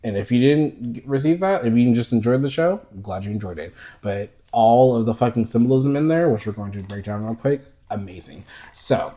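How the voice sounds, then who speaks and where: A man from the United States co-hosting a podcast, telling stories in a lively, profane, laughing way. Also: mid-range voice, brisk, few pauses. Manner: animated, profane, laughing storyteller. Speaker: podcast co-host. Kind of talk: casual chat.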